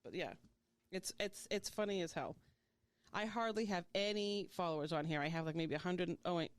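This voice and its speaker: A woman hosting a podcast, chatting casually in a gushing, excitable way and swearing now and then. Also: lowish voice, moderate pace. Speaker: podcast host. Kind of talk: casual chat.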